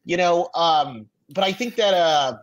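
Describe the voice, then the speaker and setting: A man co-hosting a podcast, chatting casually with lively stammering restarts. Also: fairly high pitch, measured pace, poor audio. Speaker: podcast co-host. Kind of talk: casual recap chat.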